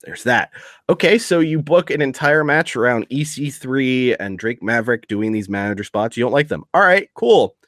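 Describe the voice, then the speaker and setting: A podcast co-host reads wrestling news aloud and rants about it sarcastically, swearing often. His voice is medium in pitch and fairly bright, with lively intonation and a moderate pace. It's a casual podcast chat recorded with studio quality and no room sound.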